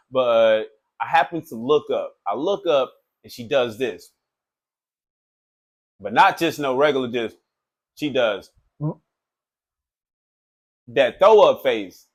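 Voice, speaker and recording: A man who works as a tattoo artist, telling a story in a loose, animated, profane way, full of filler phrases. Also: mid-range voice. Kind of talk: casual storytelling.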